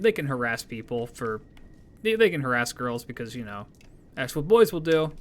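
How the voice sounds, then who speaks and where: A man's voice: medium pitch, lively intonation, moderate pace, fairly bright tone, soft background music. A man streamer talking casually and animatedly to his viewers, swearing freely as he rambles through opinions and sign-offs.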